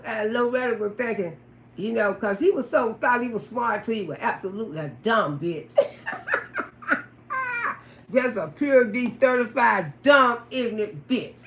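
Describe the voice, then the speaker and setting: A woman casually telling a story on a livestream, cursing freely, laughing often and bursting out loudly. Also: high-pitched. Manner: profane, laughs often, loud outbursts. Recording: roomy echo.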